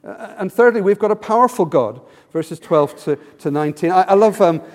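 A man with a high voice preaches a sermon, animated and acting out quotes with rising emphasis. His voice rings out through a hall with a long reverb. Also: brisk.

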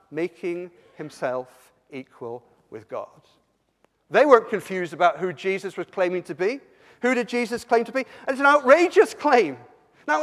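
High-voiced preacher from Somerset, emphatic. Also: male voice. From Somerset, England. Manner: animated, rising to emphatic peaks, frequent stammered restarts. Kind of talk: sermon. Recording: long hall reverb.

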